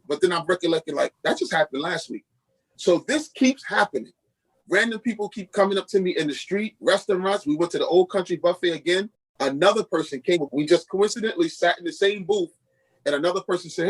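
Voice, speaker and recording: A middle-aged man from Queens, New York, a pastor guesting on a podcast, recounts a personal testimony with lively energy, voicing the people in the story himself. He sounds brisk, slightly rough and on the high side, in poor audio.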